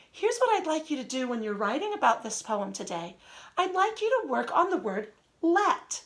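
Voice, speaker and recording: A young woman teaching a reading lesson to little children. Her voice is high and swoops up and down, and she stretches each word out slowly and deliberately in a sing-song way. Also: a bit bright. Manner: slow, sing-song reading aloud with drawn-out words.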